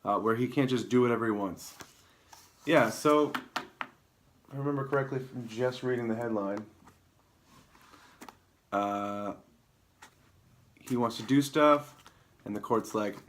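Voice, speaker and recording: A man hosting his own comedy show alone on camera, rambling through news headlines with deadpan, self-mocking asides. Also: medium pitch, unhurried, pauses often, a little hiss or hum. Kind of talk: improvised comedic news rundown. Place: alone in a room, talking to camera.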